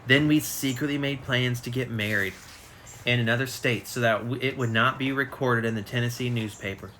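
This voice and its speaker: A man's voice: medium pitch, fairly even intonation, moderate pace, sharp tone, a little hiss or hum. A man reading a biography aloud on a casual live stream, stumbling and correcting himself as he goes. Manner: reads aloud with frequent slips and self-corrections. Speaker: reader. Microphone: phone on a live stream.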